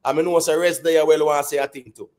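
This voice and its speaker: A man with a Jamaican accent hosting a heated panel debate, insistent and quick to cut in with repeated calls to hold on. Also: on the high side, steady tone, darkish tone.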